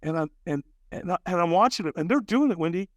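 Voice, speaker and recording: A man guesting on a podcast, telling his story with a lively, wide-ranging voice pitched slightly high. He slips into the other characters' lines with sudden jumps in pitch. The sound is close and dry, with no room in it. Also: fast, no echo. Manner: acts out dialogue with big jumps in pitch. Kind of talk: animated storytelling.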